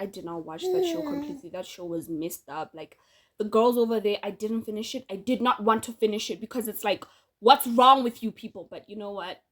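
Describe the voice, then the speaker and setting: A woman's voice: medium pitch, a bit bright. A woman, talking casually and frankly to her viewers, often breaking into laughter. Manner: opinionated, chatty, laughs often, addresses viewers directly. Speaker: vlogger and podcaster. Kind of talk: casual direct-to-camera monologue.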